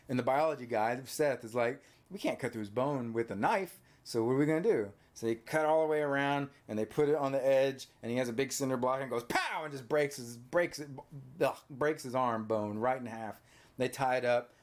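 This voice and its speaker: Mid-pitched male host, relaxed and lively, recapping a film plot while quizzing a kid on what happens next. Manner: animated storyteller, prompting with questions; frequent tag questions. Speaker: podcast host quizzing a child on a movie plot. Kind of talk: casual movie recap chat. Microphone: on camera.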